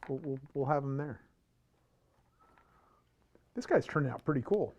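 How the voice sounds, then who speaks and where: A man's voice: mid-range voice, lively intonation, normal speed, a little mellow, highs cut off. A man appearing as the guest artist on a live stream, chatting enthusiastically.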